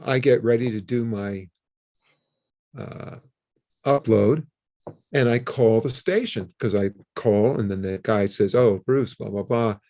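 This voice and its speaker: An older man, a guest in an interview, telling a story in a casual, animated way and acting out the phone calls in it. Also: on the low side, a little slow. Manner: animated, acts out his own and others' phone calls.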